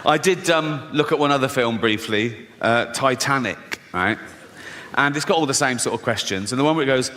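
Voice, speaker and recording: A man's voice: mid-range voice, moderate pace, pushed and bright. A middle-aged man doing a stand-up set, sardonic and profane, often laughing at his own jokes and mimicking people. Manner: sardonic, swearing, breaks into laughs, mimics people in silly voices. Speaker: stand-up comedian. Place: large theatre stage with a laughing audience. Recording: long hall reverb, audible crowd noise.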